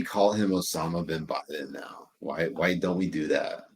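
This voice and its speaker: A man's voice: extremely low pitch, normal speed, husky. A man co-hosting a casual political commentary show, ranting and swearing freely. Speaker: co-host.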